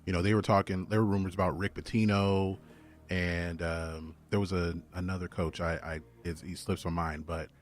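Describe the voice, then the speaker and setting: A man co-hosting a casual sports talk show, calm and measured as he fills in facts. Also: deep voice. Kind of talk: casual sports commentary chat.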